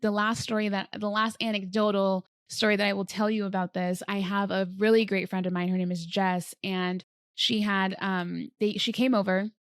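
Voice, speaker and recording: A woman hosts her own podcast in a relaxed, chatty way, sprinkling her speech with fillers. Her voice sits at an ordinary middle pitch. The sound is dry and close, with no room echo. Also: moderate pace, clean tone. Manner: chatty, frequent "like" fillers, earnest. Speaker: podcast host. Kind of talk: casual solo podcast talk on manifesting.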